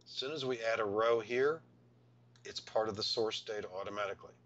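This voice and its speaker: A man's voice: fairly low pitch, brisk, fairly bright tone, lo-fi sound. A man teaching a screen-recorded spreadsheet tutorial, explaining step by step in a patient, thinking-aloud way. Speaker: software instructor.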